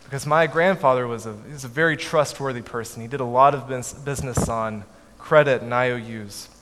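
A man telling a family story to an audience in a measured way, with his voice dropping softly at the ends of lines. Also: mid-range voice. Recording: echoey hall, faint background noise.

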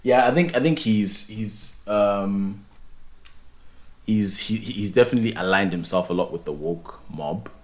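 Lively podcast co-host. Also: male voice, lowish voice, measured pace. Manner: animated, opinionated, lots of restarts. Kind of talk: casual podcast chat.

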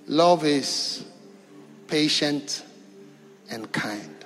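An East African man preaches to a congregation in a call-and-response style, swinging from loud calls to quiet, drawn-out phrases in an animated voice on the high side. He's in a church hall, and the recording is echoey with music behind him.

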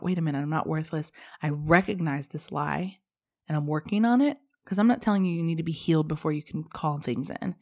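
A woman's voice: low-pitched, a little mellow. A pregnant woman hosting her own podcast, talking candidly and rambling, with casual swearing, in a personal monologue. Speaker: podcast host.

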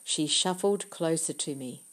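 A woman reading a novel aloud in the first person, with quiet, measured storytelling. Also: deep voice. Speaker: audiobook narrator. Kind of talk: first-person audiobook narration.

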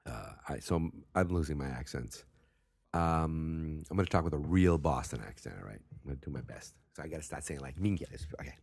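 A man's voice: extremely low pitch, animated, fairly quick, gravelly, darkish tone, slightly rough, no echo. A man with a Massachusetts accent, hosting a wrestling talk show in rambling, profane, self-mocking casual chat. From Massachusetts, USA.

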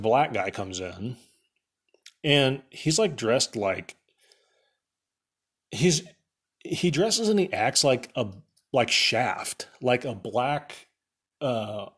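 A man's voice: mid-range voice, fairly bright tone, breathy edge. A young man casually recapping a movie for laughs, rambling with lots of fillers and sarcastic asides.

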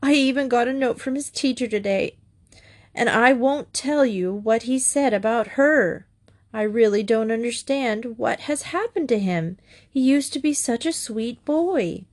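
A woman's voice: on the high side, measured pace, darkish tone, voice pushed up, close to an everyday voice. A woman reading aloud, voicing a proper, worried mother who scolds firmly. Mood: fretful. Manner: firm, scolding. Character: worried, proper mother of a sharp-tongued boy.

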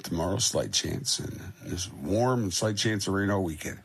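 A man hosting a radio morning show, giving weather, time checks and shout-outs in brisk, jokey DJ patter. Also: deep voice, vocal fry, breathy edge. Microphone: studio broadcast mic.

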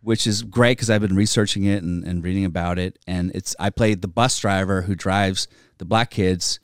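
A man's voice: sits low, normal speed, smooth, no echo, clean studio sound. A man in his forties, a comedian and actor from Virginia, telling stories in a casual, profane podcast chat. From Virginia, United States. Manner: profane, animated storyteller.

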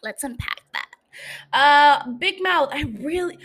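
Young female podcast host, high-pitched, chatty, profane, quick to laugh. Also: fairly bright tone. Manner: chatty, swears freely, laughs often. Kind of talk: casual solo podcast chat.

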